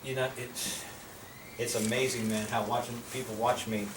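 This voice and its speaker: An older American man with a medium-pitched voice, speaking at normal speed, tells blunt, profane stories to a small group and animatedly acts out the voices he quotes while sharing life lessons. The casual storytelling is captured in a roomy, distant recording with noticeable background noise.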